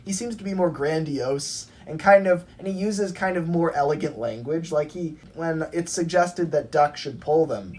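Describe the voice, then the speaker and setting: A woman's voice: sits low, moderate pace, few pauses, darkish tone, slight background noise. A young woman co-hosting a podcast, chatting casually with lots of fillers and restarts. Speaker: podcast co-host. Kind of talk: casual fan chat.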